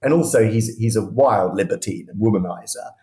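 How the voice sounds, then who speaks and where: A guest historian with a low-side, dark voice speaks briskly in an echoey room. He turns history into vivid, conversational anecdotes and often restarts his sentences mid-thought.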